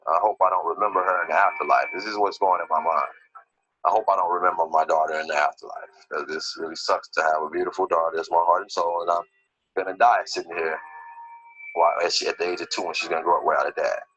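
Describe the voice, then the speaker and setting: A man's voice: low-pitched, steady tone, quick pace, fairly bright tone. A man giving documentary testimony, telling his story with emotion and many fillers, over dull lo-fi video sound with music behind. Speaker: interviewee recounting his injury.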